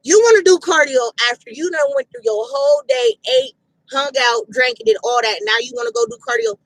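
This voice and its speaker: A woman's voice: high-pitched, very animated, brisk, no room sound, low-quality recording. A woman giving a casual, emphatic fitness pep talk outdoors, repeating her points bluntly with slangy phrasing. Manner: emphatic, repetitive, direct, street slang. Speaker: fitness motivator.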